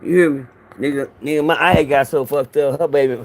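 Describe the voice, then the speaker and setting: Talking fast with fairly even intonation, a middle-aged man whose voice is on the high side hosts a casual phone livestream. He greets viewers by name and rambles through loose, profane stories.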